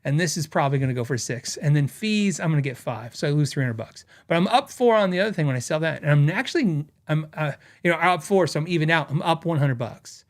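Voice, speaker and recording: A middle-aged man runs a relaxed podcast, reading viewer comments and telling rambling stories with frequent fillers and laughs. His voice is a bit high and animated, and he speaks at a fast clip with almost no pauses.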